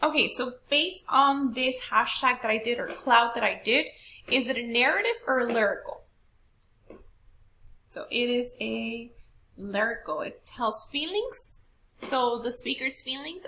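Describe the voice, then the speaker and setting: A woman teacher explains a lesson at a slow, deliberate pace. Her voice sits a little high and bright, with a gravelly edge. She punches out single words to show how they are stressed. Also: lively intonation. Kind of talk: classroom lesson recorded for students.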